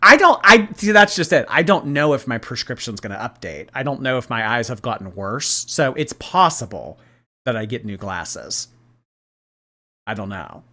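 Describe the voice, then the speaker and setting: A man's voice: mid-range voice, sing-song, moderate pace, bright, forceful tone. A man hosting a casual livestream, reading and answering viewer chat in a gossipy way and laughing often.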